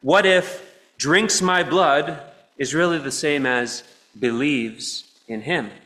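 A man preaching a sermon in a church, earnest, moving between soft stretches and emphatic ones. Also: on the high side, slow pace.

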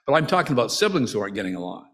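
A man's voice: mid-range voice, big pitch swings, racing, fairly bright tone. Man preaching a conversational sermon. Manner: conversational, with frequent restarts and asides; acts out the brothers' quoted lines with rising emotion.

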